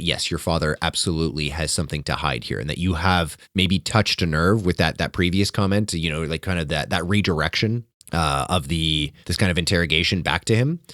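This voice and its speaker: A man narrating as game master of a tabletop horror game, relaxed and full of asides. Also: low voice, no room sound, clean studio sound.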